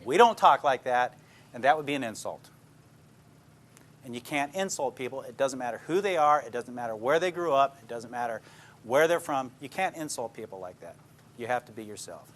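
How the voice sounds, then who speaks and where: A man's voice: mid-range voice, lively intonation, brisk, a bit bright, slight background noise. Plainspoken older man telling police stories. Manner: plainspoken, tells stories, checks in with the listeners. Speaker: police detective speaking to a class. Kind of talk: informal lecture with anecdotes.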